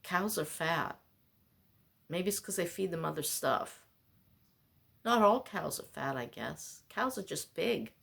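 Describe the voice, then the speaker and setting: A woman talking to camera in a loose, rambling monologue, exasperated and poking fun at herself. Her voice sits a little low, and she takes her time, drawing out each thought at an unhurried pace. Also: animated, creaky, a bit bright. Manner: exasperated, ranting, self-mocking. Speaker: vlogger.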